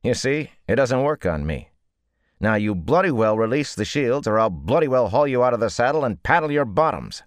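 A man's voice: mid-range voice, sing-song, moderate pace, clean tone, no room sound, studio quality, pitched above the performer's own voice, lightly acted. A man voicing a brash, blunt young man.

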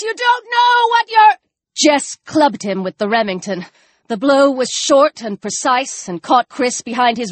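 A woman narrating an audiobook, expressive, her voice rising in the tense action scenes. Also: fairly high pitch, no room sound. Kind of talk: scripted narration.

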